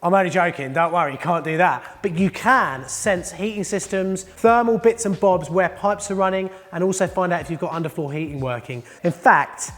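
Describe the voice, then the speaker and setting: A man's voice: fairly high pitch, big-room sound. A man, a plumber, presenting a jokey, upbeat tool review vlog from his studio. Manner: upbeat and jokey, chatty asides. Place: indoor studio.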